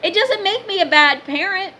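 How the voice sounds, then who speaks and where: A woman's voice: extremely high pitch, lively intonation, normal speed, bright, forceful tone, a little hiss or hum. A woman in her fifties giving a blunt, emphatic motivational talk in a casual vlog. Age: 50s. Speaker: spiritual vlogger and card reader.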